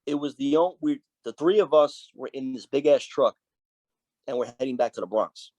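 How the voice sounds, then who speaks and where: A man who is a biker club's sergeant at arms tells stories as a podcast guest. He swears often and acts out the dialogue of the people in his stories. His voice is mid-pitched and sounds dry and close, with no room echo. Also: moderate pace, darkish tone, lo-fi sound. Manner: profane, vivid storyteller who acts out quoted dialogue. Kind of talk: storytelling in a casual interview.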